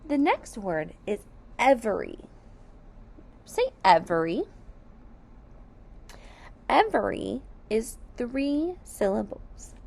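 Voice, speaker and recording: A woman teaching a slow, deliberate phonics and sight-word lesson for young children, sounding out each letter and syllable and praising the class. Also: sits high, very animated, gravelly, darkish tone.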